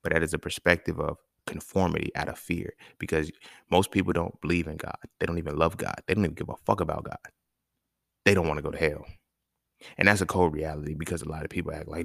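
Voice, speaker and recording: Male podcast host, very low gravelly voice, blunt profane rant, dry close mic. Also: quick pace, no room sound. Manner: blunt, profane, animated rants with rhetorical questions. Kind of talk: casual solo podcast monologue.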